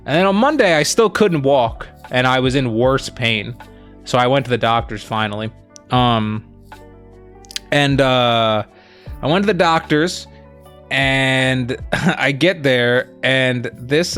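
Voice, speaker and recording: A young man casually telling a story as a co-host, rambling with lots of fillers and quoting people in animated bursts. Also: mid-range voice.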